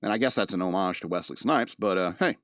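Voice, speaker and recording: A man's voice: deep voice, fast, a bit bright, dry recording, studio quality. A man giving a casual, rambling movie review. He laughs often and acts out the characters' lines.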